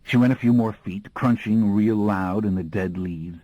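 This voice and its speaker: A man's voice: lowish voice, normal speed, dark tone, dry recording, rough recording. A man reading an audiobook in a folksy, slangy storytelling voice. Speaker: audiobook narrator. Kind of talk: scripted audiobook narration.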